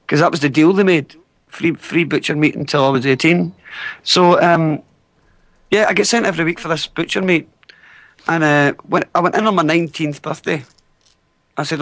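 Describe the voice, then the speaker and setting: A man's voice: on the high side, fairly bright tone, no room sound. A Scottish man on a casual podcast chat, telling long rambling anecdotes with restarts. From Scotland.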